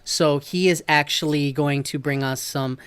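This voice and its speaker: A man's voice: a little high, fairly even intonation, measured pace, a bit bright, smooth, dry recording. A man hosting a gaming podcast, talking casually and introducing the show like an announcer. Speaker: podcast host.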